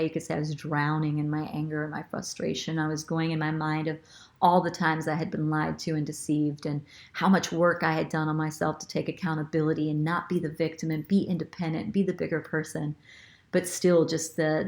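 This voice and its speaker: A woman's voice: low voice, gravelly. A woman hosting a spiritual show, telling a personal story in an earnest, reflective way with fillers and restarts. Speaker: spiritual guide and host.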